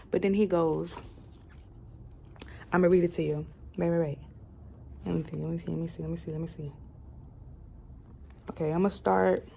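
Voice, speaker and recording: A woman's voice: fairly low pitch, steady tone, moderate pace, gravelly, long pauses, mellow, a little hiss or hum. A young woman casually retelling a novel's plot in a book review video, rambling with fillers and the odd swear word.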